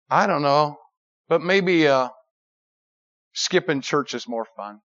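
A man preaching to young people, telling a story in an animated way and acting out the quoted lines with sudden high shouts. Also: very slow. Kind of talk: sermon. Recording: dull lo-fi recording.

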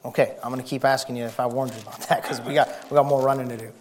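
A man preaching a folksy, excitable sermon, shouting and whispering for effect. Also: mid-range voice, racing, slight background noise.

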